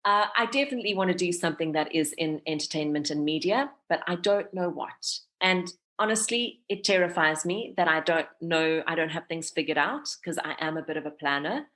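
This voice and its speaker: Expressive South African woman, lowish voice. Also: a little fast, hardly any pauses. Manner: candid and expressive, laughs often. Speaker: podcast guest, radio presenter and voiceover artist. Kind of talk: casual interview chat.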